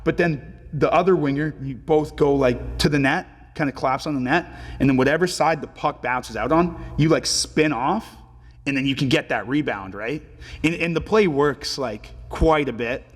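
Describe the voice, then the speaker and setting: A man in his twenties, a pro hockey player telling stories as a podcast guest in a relaxed, filler-heavy way and swearing casually. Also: a little high, normal speed, breathy edge, long reverb tail. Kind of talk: casual storytelling interview.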